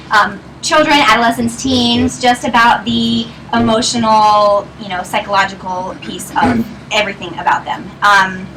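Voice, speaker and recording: Speaking to a live audience at a meeting, a Northern Virginia woman in her twenties tells a story conversationally, laughing along the way. Her voice is medium-pitched with a sharp edge, picked up by a distant mic with clear noise.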